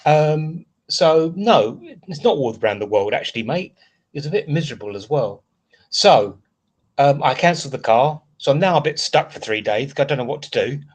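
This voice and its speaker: A man's voice: a little high, animated, moderate pace, breathy edge. A man hosting a casual live stream. He rants in a frustrated, rambling way and reads out chat comments as he goes. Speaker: livestream host.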